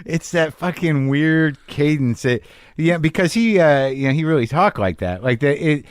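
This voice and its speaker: A man's voice: a little high, animated, moderate pace, smooth, dry recording, clean studio sound. A man hosting a podcast who muses aloud, often trailing off and restarting phrases. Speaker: podcast host. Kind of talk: casual podcast conversation. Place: podcast studio.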